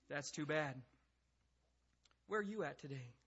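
A man's voice: a little high, expressive, unhurried, pauses often, fairly bright tone, slightly rough. Man preaching a sermon, dull lo-fi sound. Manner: conversational preaching, acts out the speakers he quotes. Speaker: pastor.

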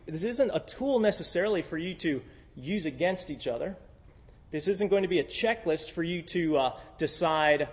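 A man preaching a sermon as a pastor, in a conversational, candid style with frequent fillers. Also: fairly high pitch. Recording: long hall reverb.

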